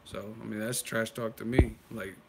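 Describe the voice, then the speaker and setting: Excitable man hosting a boxing live stream. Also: fairly low pitch, normal speed, creaky, very noisy. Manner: excitable, laughs often, casual and profane. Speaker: boxing channel host. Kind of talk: live-stream chat commentary.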